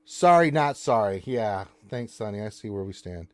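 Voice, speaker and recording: A man's voice: on the low side, expressive, normal speed. Guy running a live stream, jokey, fake-offended banter with chat, reads out questions. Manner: joking mock-indignant banter with viewers and co-host.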